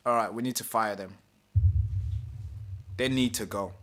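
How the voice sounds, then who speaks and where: A man's voice: mid-range voice, normal speed, long pauses, pushed and bright. A male host reading an article aloud during a live stream and commenting on it, swearing, repeating himself and putting on mocking voices.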